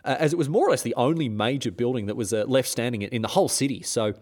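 A man's voice: medium pitch, fast talker, darkish tone. A man, hosting a history podcast in an irreverent, joking way with frequent restarts. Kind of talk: casual history storytelling.

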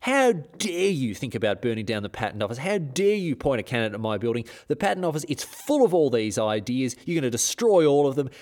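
A man's voice: mid-range voice, big pitch swings, a little fast, hardly any pauses, darkish tone, natural voice. A man acting out an outraged male official who blusters and scolds soldiers off his building. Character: furious male patent superintendent defending his building.

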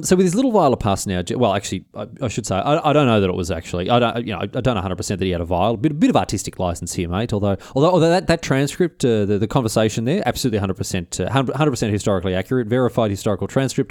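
A man's voice: medium pitch, lively intonation, very fast, darkish tone, no echo, clean studio sound. A man telling a history story in a casual, jokey, digressive way. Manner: jokey, digressive, frequent restarts. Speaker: history presenter.

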